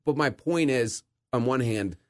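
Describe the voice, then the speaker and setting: A middle-aged man hosting a casual interview, telling stories with animated quoted voices. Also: mid-range voice, measured pace. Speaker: podcast host.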